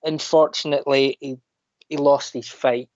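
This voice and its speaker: A man with a Scottish accent, a podcast guest telling animated anecdotes in casual chat. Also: mid-range voice, moderate pace, no echo. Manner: animated anecdotes, mimics other people's voices. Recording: dull lo-fi dry sound.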